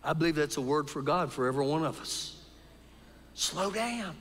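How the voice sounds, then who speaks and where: A man preaching a sermon at a live church service, dropping to quiet, low passages and rising to loud, shouted peaks. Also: animated, normal speed. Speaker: pastor. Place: church sanctuary. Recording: live church service in a big reverberant room.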